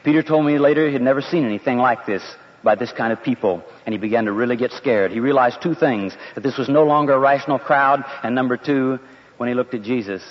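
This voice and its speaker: A man's voice: mid-range voice, quick pace. Earnest man telling a story. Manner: earnest, conversational. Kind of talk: first-person dramatic storytelling. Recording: dull lo-fi with long reverb.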